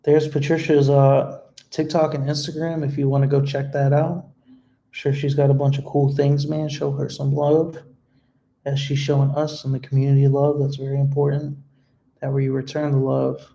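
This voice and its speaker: A young man talks to his viewers on a home live stream, earnest and a bit rambling. His delivery stays strikingly flat, with hardly any rise or fall, and his tone is dark and soft. He answers comments loosely, with plenty of fillers. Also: medium pitch, moderate pace, gravelly, rough recording. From United States. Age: young adult. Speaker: vlogger hosting a live stream. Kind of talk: casual live-stream chat reading comments.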